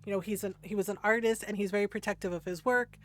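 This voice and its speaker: A woman's voice: mid-range voice, steady tone, quick pace. A woman game streamer chatting casually while she plays, telling stories and laughing often. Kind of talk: casual chat while playing.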